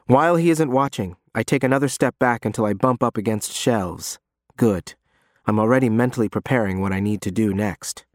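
A man reading a first-person story aloud as an audiobook narrator, in a measured, tense manner. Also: fairly low pitch, no room sound, studio quality.

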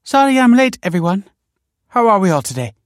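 A breezy, tender middle-aged mother with a lively, sing-song lilt as a male narrator puts her on. Her voice climbs well above his own and sounds close and dry, like a storybook reading. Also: fairly quick, dry recording. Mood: cheerful. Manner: high put-on voice, lilting and bright. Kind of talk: audiobook character voice.

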